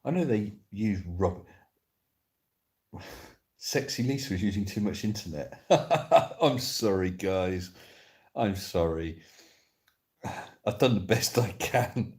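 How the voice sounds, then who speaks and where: A man's voice: lowish voice, slow, pauses often, a little mellow. A man hosting a casual live stream from his sofa at home, rambling about films as he reads viewers' comments aloud and answers them.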